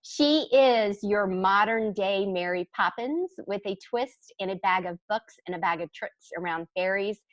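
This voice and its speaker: A woman's voice: mid-range voice, measured pace, few pauses, dry recording, lo-fi sound. A woman hosting an interview show, chatty and enthusiastic as she introduces her guest. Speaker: podcast host.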